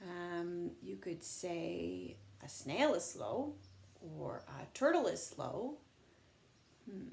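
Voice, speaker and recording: A woman teaching young children in an online lesson, slow and patient, sounding words out in a sing-song teacher voice. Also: on the low side, lively intonation, creaky, a little mellow.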